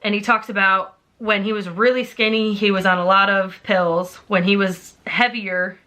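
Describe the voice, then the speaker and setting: A woman's voice: medium pitch, steady tone, normal speed, bright, forceful tone. A woman in her twenties, a book vlogger, ranting casually and heartfelt with lots of "like" and emphatic asides. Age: 20s. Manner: heartfelt, emphatic, heavy use of "like". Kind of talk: casual chatty rant.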